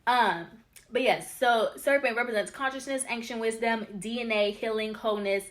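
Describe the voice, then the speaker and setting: A woman teaching spiritual ideas on her own channel in a casual, chatty way. She gets excitable and keeps talking straight to her viewers. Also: a little high, moderate pace. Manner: addresses viewers as y'all and you guys. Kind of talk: casual teaching talk over slides.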